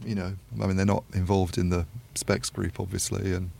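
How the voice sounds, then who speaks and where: A man's voice: sits low, fairly even intonation, normal speed, creaky, a little hiss or hum. A man talking through industry issues in a casual podcast discussion, thoughtful and rambling with many asides. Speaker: podcast panelist.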